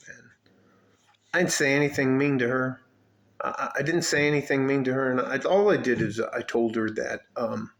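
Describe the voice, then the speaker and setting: A man's voice: medium pitch, moderate pace, fairly bright tone. A man from Detroit telling a story in a casual vlog rant, swearing often and rambling with many fillers and restarts. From Highland Park, Detroit. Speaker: vlogger.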